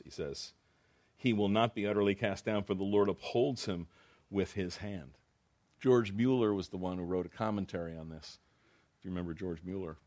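A low-voiced male pastor preaches, reading Bible verses and explaining them conversationally. He often repeats phrases and restarts sentences.

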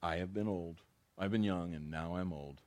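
Deep-voiced pastor teaching scripture. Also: male voice, moderate pace, a little mellow. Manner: conversational, repeats phrases, restarts mid-sentence. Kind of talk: verse-by-verse Bible teaching.

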